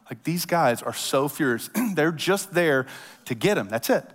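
A man preaching a sermon in a casual, animated storytelling manner, acting out voices as he tells the story. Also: medium pitch, fairly quick. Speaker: pastor. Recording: long hall reverb.

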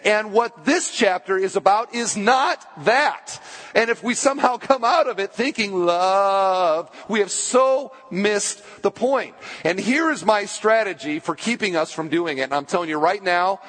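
A man's voice: high-pitched, animated, a bit bright. Man preaching a sermon in a reverberant church. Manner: emphatic preaching, slowing down for key phrases. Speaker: pastor.

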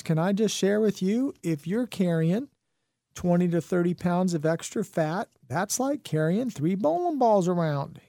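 A middle-aged man talking slowly on a radio health show, folksy and a bit preachy, asking his listeners question after question. His voice is mellow and rounded, and it sounds dry and close, with no room around it. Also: high voice, no echo. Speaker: radio health and wellness host. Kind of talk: radio talk monologue.

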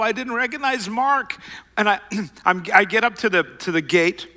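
A middle-aged man telling a self-mocking personal story to an audience, rambling and animated. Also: high-pitched, measured pace, long reverb tail.

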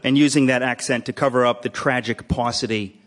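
A man hosting a live event, introducing the evening's speaker with dry, deadpan jokes and asides. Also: mid-range voice, a little fast, slight background noise. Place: hall with a live audience.

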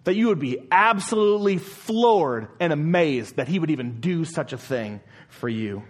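A man preaches a sermon from the pulpit, his voice sitting a little high for a man. He hammers home his point with strings of rhetorical questions. Then he drops to a hushed, slow delivery to let a line land. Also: lively intonation. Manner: emphatic, rhetorical repeated questions; drops to a quiet, slow voice for emphasis. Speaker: pastor.

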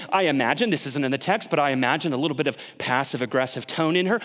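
A man's voice: fairly high pitch, fast talker, few pauses, fairly bright tone, in a large hall. A male pastor preaching a sermon in a conversational way, often asking the congregation questions.

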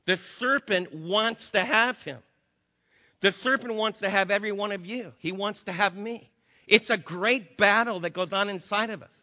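High, bright-voiced preaching man. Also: normal speed, big-room sound. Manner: emphatic preaching with rhetorical questions and repetition. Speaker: pastor. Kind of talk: sermon.

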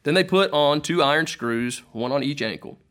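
A man reading a historical account aloud to a church congregation, measured and solemn. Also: on the high side, lively intonation, fairly bright tone.

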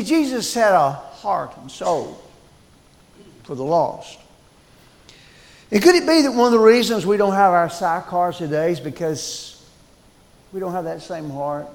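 A man preaching a sermon, emphatic and dramatic, swinging between loud and hushed. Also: high voice.

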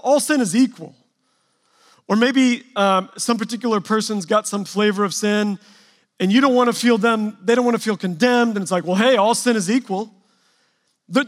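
A man's voice: high-pitched, long reverb tail. A man preaching a sermon from a church stage, casual and conversational, acting out quoted asides. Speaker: pastor.

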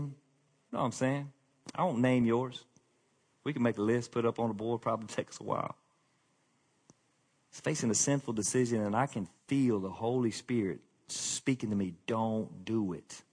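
A man preaching a conversational sermon to his congregation, candid and self-deprecating, often sinking into a quiet, confessional tone. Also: mid-range voice, husky. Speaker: pastor.

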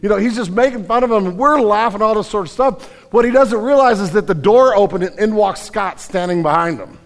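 Higher-voiced man preaching in a big hall. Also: brisk. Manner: folksy storytelling with frequent restarts. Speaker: pastor. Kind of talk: sermon. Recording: long reverb of a large hall.

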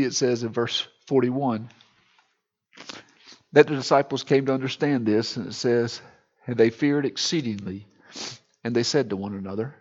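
Husky-voiced man preaching with fervor. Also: mid-range voice, lo-fi sound. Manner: impassioned preaching, swings from hushed to loud. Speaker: pastor. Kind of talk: sermon.

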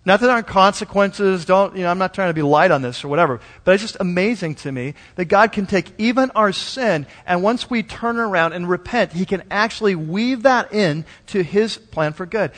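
A man with a high voice delivers a sermon, casual and animated, slipping into little acted-out voices. The recording is live in a church sanctuary, with a long hall reverb trailing his words. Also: fairly quick, few pauses. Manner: conversational and animated, acts out quoted voices. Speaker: pastor.

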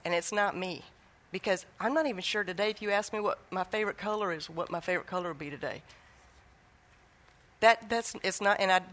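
A middle-aged Christian teacher gives an earnest faith talk, telling family stories and acting out the dialogue. Her voice is medium in pitch and a bit bright.

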